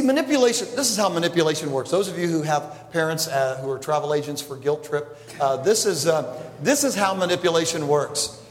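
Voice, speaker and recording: A man, a pastor, preaching a conversational sermon with jokes to a congregation. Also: a little high. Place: large church hall. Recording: echoey hall, reverb. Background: congregation laughing.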